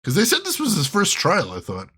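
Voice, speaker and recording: A man's voice: high voice, wildly swooping pitch, a little fast, sharp tone, husky. Jokey man doing game commentary. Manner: jokey, laughs often, greets chat. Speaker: let's play host.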